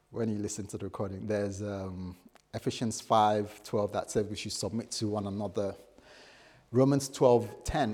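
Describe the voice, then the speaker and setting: Guy preaching, chatty and playful, middle pitch, acts out bits. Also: darkish tone. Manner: conversational, playful, acts out little scenes. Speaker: pastor. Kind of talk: sermon.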